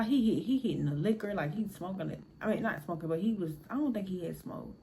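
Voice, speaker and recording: Blunt, animated woman telling a storytime. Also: medium pitch, fairly quick. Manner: animated, blunt and profane, talks straight to the audience. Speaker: storyteller vlogger. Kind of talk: casual storytime monologue.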